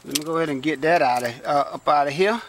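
A chatty man, pitched high for a man, walks viewers through a repair from inside a parked car, exclaiming as he goes. His camera sits close while he works, with a faint hiss behind him. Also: fast talker, fairly bright tone. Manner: chatty, exclaims often, talks straight to viewers. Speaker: vlogger. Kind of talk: casual how-to car repair vlog.

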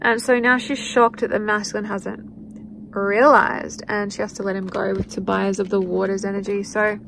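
A woman's voice: mid-range voice, flat delivery, moderate pace, creaky, noisy background. A woman giving a spiritual card reading, chatting loosely and voicing what the people in it might be thinking. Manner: chatty, speaks in quoted inner voices. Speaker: tarot card reader.

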